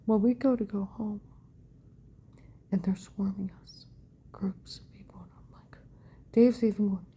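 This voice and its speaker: A woman telling a personal account in a rambling monologue, often dropping to a hushed whisper, with fragmented, repetitive phrasing. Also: mid-range voice, slightly rough.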